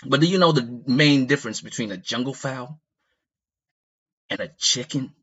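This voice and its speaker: A man's voice: medium pitch, normal speed, a bit bright, lo-fi sound. A man telling a rambling, profane story in a casual comedic way, often asking the listeners whether they follow. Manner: rambling, profane, laughs at his own story.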